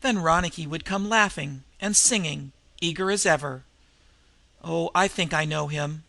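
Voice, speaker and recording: A man's voice: on the high side, normal speed, vocal fry, bright, forceful tone, no room sound. A man voicing a young woman who speaks earnestly and steadily through her sadness. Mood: wistful. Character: Ruth, young woman, sad yet steady.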